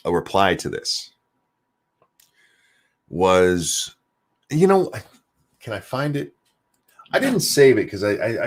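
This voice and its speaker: A man's voice: low-pitched, breathy edge. A man giving casual ranting commentary as host of his own show, sarcastic and swearing freely, often repeating words as he gets worked up. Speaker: commentary streamer.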